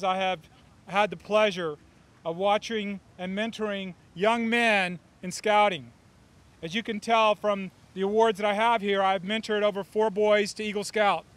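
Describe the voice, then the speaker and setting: A man's voice: high voice, fairly bright tone. A middle-aged man and scout volunteer giving an earnest, emphatic speech at an outdoor press conference.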